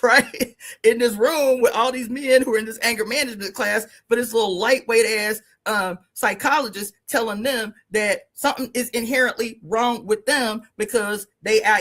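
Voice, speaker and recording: A woman's voice: fairly high pitch, a bit bright. A middle-aged woman guesting on a radio show, talking bluntly and emphatically with plenty of swearing. She tells her stories casually and laughs along the way.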